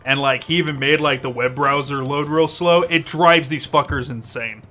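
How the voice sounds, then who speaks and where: A man's voice: a little high, fairly even intonation, normal speed, bright, forceful tone. A young man chatting casually while gaming, telling a story animatedly, swearing often and laughing mid-sentence. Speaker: co-op gaming channel host.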